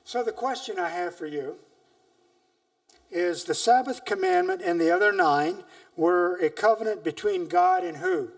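A man's voice: sits high, very animated, measured pace, far from the mic. A man preaching a sermon in church, reading scripture emphatically between hesitant, searching remarks.

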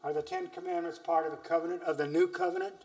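Male preacher, slightly high voice, earnest and emphatic, picked up from off-mic in a church. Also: wildly swooping pitch, quick pace, vocal fry, darkish tone, distant mic. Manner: earnest, emphatic scripture reading with frequent hesitations. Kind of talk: sermon.

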